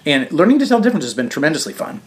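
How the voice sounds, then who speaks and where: A man's voice: on the high side, very animated. Guy doing a political talk monologue on his show, stops and restarts a lot, lots of ums. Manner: halting, frequent restarts and fillers. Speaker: show host. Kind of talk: casual political commentary monologue.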